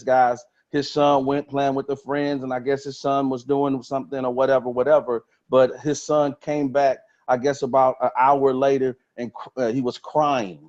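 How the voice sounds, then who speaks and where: A man giving an energetic motivational talk on a webinar, repeating phrases for emphasis. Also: medium pitch. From Texas. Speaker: motivational speaker on a trading webinar. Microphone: webinar call mic. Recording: slightly dull lo-fi webinar audio.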